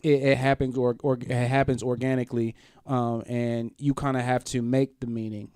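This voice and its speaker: A man hosting a casual podcast, easygoing and affirming, often stumbling into his sentences. His voice is smooth and resonant. The sound is dry and close. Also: mid-range voice, level tone, normal speed, a little mellow, no echo. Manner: easygoing, affirming, repeats words as he starts. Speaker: podcast host.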